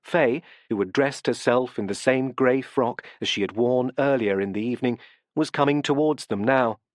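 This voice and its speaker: A man narrating a classic mystery novel in a measured, expressive way. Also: medium pitch, no room sound, studio quality. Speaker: audiobook narrator. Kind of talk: scripted narration.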